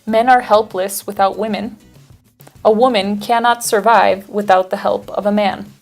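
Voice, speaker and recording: A woman teacher giving scripted lesson narration in a clear, explanatory, evenly paced manner. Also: medium pitch, fairly even intonation, normal speed, faint music behind.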